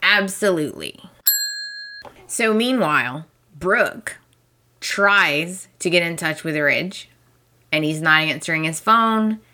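A woman's voice: on the low side, lively intonation, slow, pauses often, sharp tone. A woman hosting a podcast, chatting casually and emphatically as she recaps a soap opera, often laughing. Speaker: podcast host.

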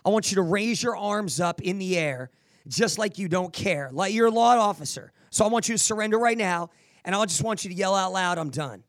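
High-voiced man giving motivational advice. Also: fairly quick, dry recording, studio quality. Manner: energetic, preachy, repeats words while restarting. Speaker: podcast host answering listener questions.

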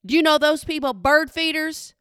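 A woman's voice: high voice, fairly even intonation, moderate pace, a bit bright, no room sound, clean studio sound. A woman giving an exasperated, sassy comedic rant to her viewers, calling them y'all. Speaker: vlogger. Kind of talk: comedic ranting monologue.

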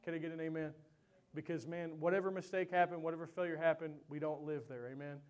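A man preaching a sermon who tells a personal story in an animated, chatty way with lots of fillers, then closes in prayer. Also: on the high side, quick pace, smooth.

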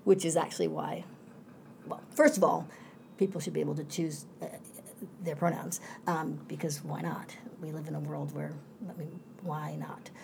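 Low, gravelly-voiced woman professor. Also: fairly even intonation, normal speed, dark tone, slight background noise. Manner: reflective, talks in winding asides. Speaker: professor, interview guest. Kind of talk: conversational interview.

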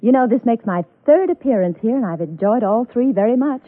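A woman guest star acting in a 1950s radio drama, with a soft, gracious manner. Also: fairly high pitch, expressive, a little fast. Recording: tinny lo-fi vintage radio broadcast.

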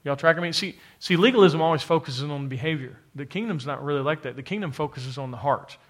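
This preacher talks fast in a slightly high voice, addressing his congregation head-on with forceful repetition. The sermon is delivered in church to people in the pews and to viewers watching online.

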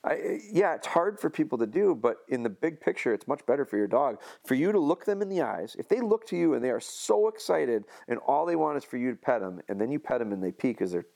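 A man's voice: mid-range voice, big pitch swings, brisk, gravelly, few pauses, darkish tone. Man, dog trainer, podcast chat, homespun analogies, lots of restarts.

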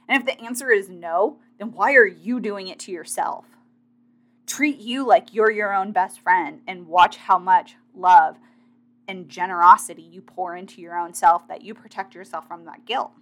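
A woman's voice: mid-range voice, a bit bright. Chatty motivational woman. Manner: chatty, direct, addresses listeners as "guys". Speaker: fitness competitor sharing advice. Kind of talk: casual motivational monologue.

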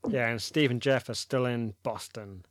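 A man's voice: mid-range voice, normal speed, dry recording. Podcast host guy, rambly, lots of likes, super dry close sound. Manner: rambling, many fillers and likes. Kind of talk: casual chat.

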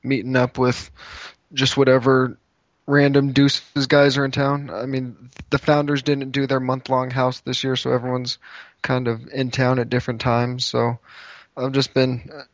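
A man chatting on a podcast in an easygoing, meandering manner, pausing often with little hesitations. The audio is dull and lo-fi, dry and close with no echo. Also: mid-range voice, completely flat delivery. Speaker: podcast co-host. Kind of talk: casual chat.

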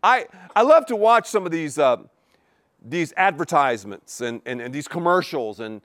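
A man's voice: on the high side, lively intonation, normal speed, a bit bright, no room sound, clean studio sound. A man preaching a sermon, repeating key words for emphasis and asking the congregation rhetorical questions. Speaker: pastor.

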